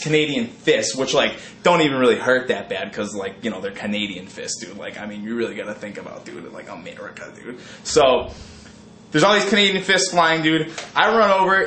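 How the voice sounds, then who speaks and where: A man's voice: mid-range voice, animated, moderate pace, pushed and bright, echoey room. A man animatedly telling a profane story, saying "dude" constantly. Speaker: band member telling a tour story. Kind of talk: casual storytelling.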